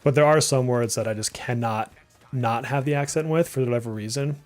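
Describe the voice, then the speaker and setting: A man's voice: mid-range voice, fairly quick, a little mellow, faint music behind. Chatty man with a slight Massachusetts accent. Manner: chatty, rambling, reacting to the game aloud. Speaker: streamer. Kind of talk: casual live gameplay chat.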